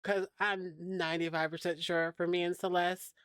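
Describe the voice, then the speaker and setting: A woman from the American South with a Southern accent, co-hosting a casual podcast chat, playful and quick to laugh. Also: fairly low pitch, level tone, clean tone, no echo. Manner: playful, laughs often, mimics voices. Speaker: podcast co-host.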